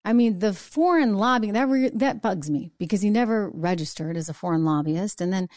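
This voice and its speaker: A middle-aged woman hosts her own commentary show, firing off indignant rhetorical questions with a sarcastic edge. Her voice sits at an ordinary pitch and is recorded close and dry, with no room sound. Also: expressive, brisk, a little mellow, no room sound. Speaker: show host. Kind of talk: opinion commentary monologue.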